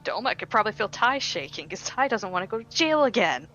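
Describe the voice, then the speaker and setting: A woman playing a tabletop game, narrating her character with quick, tentative asides. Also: medium pitch, sing-song, bright, forceful tone, soft background music. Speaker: player. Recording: dull lo-fi sound.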